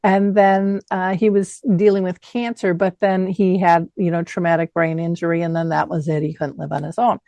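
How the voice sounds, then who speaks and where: A woman hosting an interview, telling family stories in an animated way and acting out the quoted voices. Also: fairly low pitch, moderate pace, creaky, hardly any pauses, dry recording. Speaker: host. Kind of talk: conversational interview.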